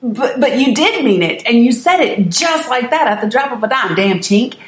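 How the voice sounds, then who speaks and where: A woman's voice: a little high, sing-song, normal speed. A middle-aged woman hosting her own show, telling viewers a personal family story earnestly and emphatically, often restarting her sentences. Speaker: host. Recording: roomy echo.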